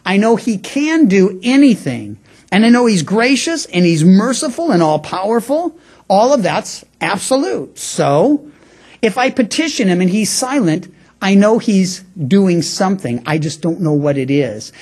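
Husky-voiced pastor preaching conversationally. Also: male voice, high voice, big pitch swings, measured pace, darkish tone. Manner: conversational preaching with frequent restarts and stammers. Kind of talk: radio sermon.

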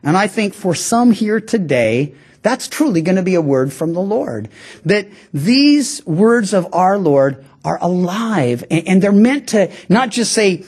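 Animated, high-voiced male pastor preaching. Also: measured pace, breathy edge. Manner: conversational, animated, acts out quotes. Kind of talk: sermon.

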